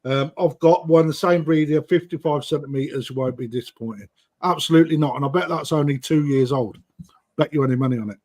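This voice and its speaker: A man's voice: fairly high pitch, brisk, a little mellow. Chatty British man calling a koi auction. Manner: chatty, matey banter, calls bids and time. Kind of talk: live-stream auction chat.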